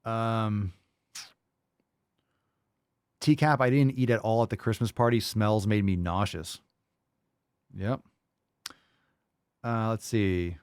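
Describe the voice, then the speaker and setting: A man's voice: lowish voice, steady tone, takes it slowly, long pauses, smooth, no echo, studio quality. A middle-aged man hosting a fitness show, reading viewer comments in a blunt, profane, mocking way. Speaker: fitness podcast host. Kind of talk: livestream chat reading comments.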